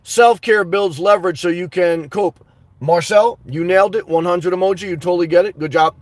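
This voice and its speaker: A man's voice: high-pitched, normal speed, dry recording. A man hosting a livestream, reading live chat aloud in a rambling, earnest way and calling his viewers guys and man. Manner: rambling, earnest, repeats words.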